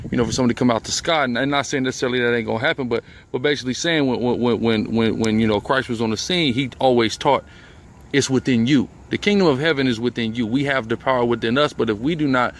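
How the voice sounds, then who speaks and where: A man's voice: mid-range voice, fast talker, slight background noise. A man from a religious group talking in an outdoor interview, often adding "you see what I'm saying". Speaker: member of a religious organization. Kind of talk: casual interview talk.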